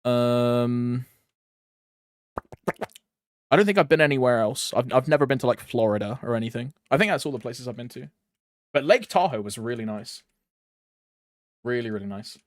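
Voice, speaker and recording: A man's voice: medium pitch, lively intonation, normal speed, long pauses, dry recording, studio quality. A young man streaming a game, chatting casually in a rambling way, laughing often and calling his viewers bro. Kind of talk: casual chat while gaming.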